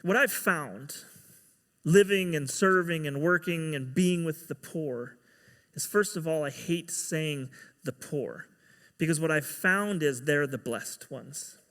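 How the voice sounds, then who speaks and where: A man's voice: fairly high pitch, slow pace, fairly bright tone, in a large hall. A man giving a sermon as pastor, telling a story and acting out the quoted dialogue.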